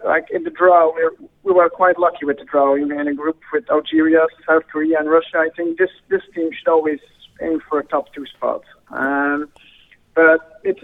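A man from Belgium with a Belgian accent, speaking English as a guest football pundit and pausing often on "uh" fillers. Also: a little high. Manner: measured, frequent uh fillers. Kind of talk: phone-in interview. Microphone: phone line. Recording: tinny phone line.

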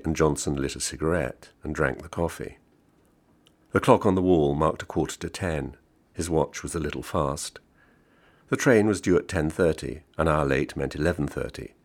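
A man reading a literary short story aloud in a dry, measured, understated manner. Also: a bass voice, creaky. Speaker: reader.

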